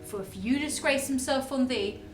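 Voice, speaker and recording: A woman's voice: high voice, normal speed, reverberant, soft background music, lightly acted. Woman playing a haughty elder brother. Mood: scheming. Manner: haughty, commanding. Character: scornful noble elder brother. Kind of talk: amateur stage acting.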